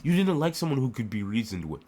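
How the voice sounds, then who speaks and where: A man's voice: medium pitch, big pitch swings, quick pace, dark tone, a little hiss or hum. A man from the United States giving an emotional political rant to the camera, full of rhetorical questions and repeated phrases.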